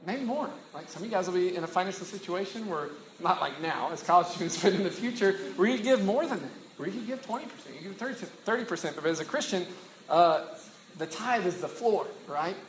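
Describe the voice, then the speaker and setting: A middle-aged man preaching to a room, his voice sitting a little higher than most men's. He speaks in a loose, conversational way, full of restarts and fillers. The room around him is echoey, with a faint hum of ambience behind his words. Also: animated, quick pace. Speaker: campus ministry pastor. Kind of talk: sermon.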